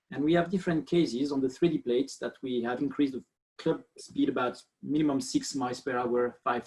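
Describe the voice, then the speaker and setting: A man's voice: medium pitch, darkish tone. A man from France with a French accent, a biomechanist presenting on a webinar over a video call, friendly and thorough with many fillers. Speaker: guest biomechanist.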